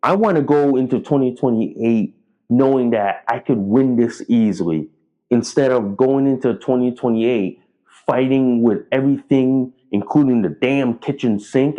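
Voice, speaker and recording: A man's voice: medium pitch, measured pace, highs cut off. A man delivering a political commentary monologue, blunt and profane, repeating himself as he rallies his viewers.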